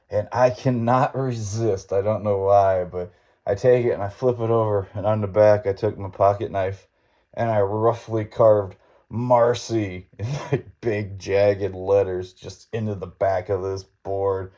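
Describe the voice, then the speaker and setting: A man's voice: lowish voice, steady tone, unhurried, dark tone. A man hosting a podcast, telling a story in a rambling, laid-back way with folksy grammar and frequent chuckles. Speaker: podcast host. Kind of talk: casual storytelling monologue.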